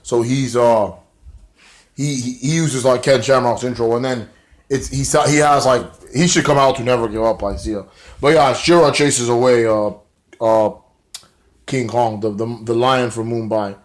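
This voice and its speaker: A man in a casual video review, rambling through a show recap with loose, profanity-laced slang. His voice sits at an ordinary middle pitch. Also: steady tone, normal speed.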